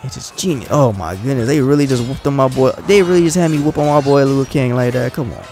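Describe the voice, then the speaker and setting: A young man hosting a casual let's-play, chatting excitably with frustrated outbursts. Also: medium pitch, quick pace. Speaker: gaming channel host. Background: game music and sound.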